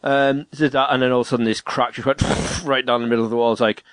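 A man's voice: medium pitch, quick pace, clean tone, dry recording. A man chatting casually and telling a home-repair story, swearing freely and acting out what people said. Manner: swears freely, tells stories with animated quoted voices. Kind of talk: casual chat.

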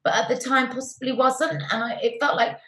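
A middle-aged woman, a TV presenter as interview guest, telling stories warmly and effusively with many restarts. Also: high-pitched, steady tone, fairly quick, crowd noise. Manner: warm, effusive storytelling with restarts. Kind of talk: conversational interview. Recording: roomy echoey sound.

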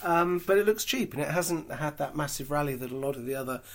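A man's voice: fairly high pitch, expressive, fast talker. Chatty British man giving frank market commentary. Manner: chatty and frank, with dry asides and fillers. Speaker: podcast host. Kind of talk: casual solo market commentary.

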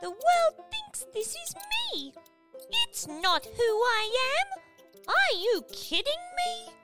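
A squeaky little cartoon mouse. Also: sing-song, takes it slowly, loud music behind the voice, heavily acted. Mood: cheeky. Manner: squeaky, sing-song storybook voice. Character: tiny mischievous mouse, noisy and playful. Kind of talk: children's storybook reading.

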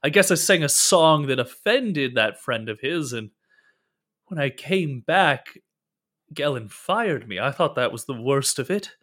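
A man's voice: mid-range voice, lively intonation, a little slow, a bit bright. A man voicing a bedraggled captive male singer who is effusive in his gratitude and bitter about his former boss, cursing freely in a tabletop role-play. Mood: bitter storytelling. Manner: grateful then resentful, swears freely.

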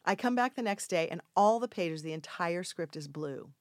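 An older woman telling a casual anecdote in an interview, acting out the quoted voices with sudden loud, high outbursts. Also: moderate pace, no echo, studio quality. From Mexico. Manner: animated storyteller acting out quoted lines with big jumps in pitch and volume. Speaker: actress guest telling a story.

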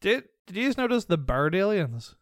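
A man's voice: high voice, big pitch swings, moderate pace, dry recording, studio quality. A young man co-hosting a podcast, chatting casually and animatedly, often laughing as he talks. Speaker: podcast co-host. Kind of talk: casual chat.

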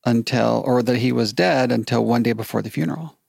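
Gravelly-voiced man, measured podcast guest. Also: mid-range voice, darkish tone, no echo, studio quality. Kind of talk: casual conversation.

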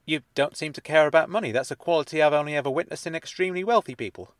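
A man voicing a courteous, measured man in a spoken-word story, a little formal. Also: a little high, no echo, clean studio sound, voice pushed up, lightly acted. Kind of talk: audiobook character dialogue.

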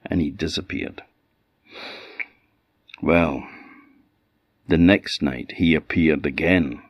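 A man with an Orkney accent telling a folk tale in an unhurried, conversational way. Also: extremely low pitch, no room sound, highs cut off. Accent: Orkney Scots. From Orkney, Scotland. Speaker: storyteller. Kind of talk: oral folk storytelling.

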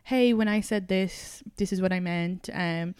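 Woman, podcast host, casual chat, smooth clear voice, dry close sound, laughs easily. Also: lowish voice, a little slow, no echo. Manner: relaxed, agreeable, laughs often.

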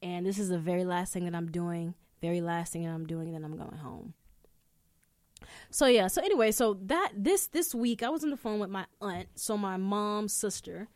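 A young adult woman hosting a podcast, telling stories in casual chat, animated and swearing freely. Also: mid-range voice, moderate pace, dry recording, clean studio sound. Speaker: podcast host. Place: indoor room.

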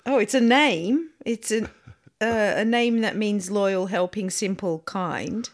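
A woman co-hosting a casual podcast, slightly hoarse from a cold, bantering playfully and giggling easily. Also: medium pitch, takes it slowly. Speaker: podcast co-host.

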